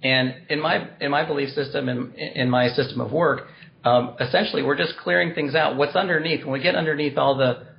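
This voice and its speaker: Man, gravelly voice, earnest and explanatory, podcast guest, dull lo-fi sound. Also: medium pitch, slight background noise. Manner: earnest, explanatory, spiritual wording. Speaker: guest, compassion practice teacher. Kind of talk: podcast interview.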